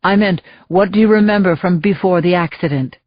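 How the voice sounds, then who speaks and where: A woman narrator voicing a steady, reassuring male doctor in his thirties. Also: fairly low pitch, a little fast, no echo, lo-fi sound, lightly acted. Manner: assuring, steady.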